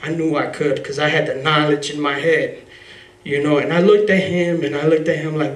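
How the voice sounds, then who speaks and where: A man tells an emotional personal story at a live story slam. He rambles and swears and leans on "you know" as he speaks in a somewhat high voice. He is heard from a distance in a roomy hall. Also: fairly even intonation, normal speed. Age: adult father. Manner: rambling, heavy on "you know" fillers, profane; emotional, raw and earnest. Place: live event venue.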